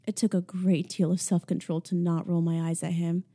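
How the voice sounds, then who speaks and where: A young adult woman narrating a first-person audiobook in a hushed, intimate way with sarcastic asides. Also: fairly low pitch, level tone, fairly quick, hardly any pauses.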